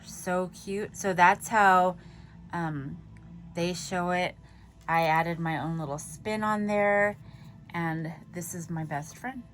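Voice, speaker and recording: A woman's voice: fairly low pitch, steady tone, slow, fairly bright tone, a little hiss or hum. A woman vlogger casually chatting as she shows off her handmade craft tags, giggly and self-deprecating. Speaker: papercraft vlogger. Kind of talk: casual show-and-tell chat.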